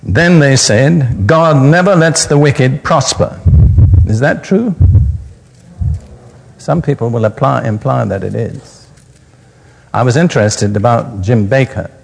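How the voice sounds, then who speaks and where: Guy preaching, reads the verses then breaks them down simple, gravelly, lots of hall echo. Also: medium pitch, slow, pauses often. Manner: reads scripture aloud then explains it plainly. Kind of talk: recorded sermon teaching. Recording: archival sermon recording in a reverberant hall.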